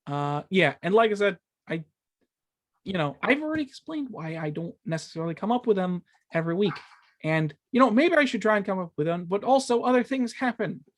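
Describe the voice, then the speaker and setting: Rambling podcast host who trips on words. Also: male voice, sits high, animated, brisk. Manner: stumbles over words, swears in frustration; rambling with many fillers. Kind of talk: casual gaming podcast chat.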